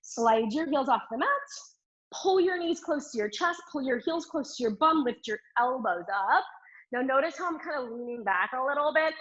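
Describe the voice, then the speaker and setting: A woman's voice: a little high, fairly bright tone, highs cut off. A woman teaching a live Pilates mat class, giving upbeat, encouraging cues and counting reps while a little out of breath from demonstrating. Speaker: Pilates instructor. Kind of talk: live online fitness class cueing.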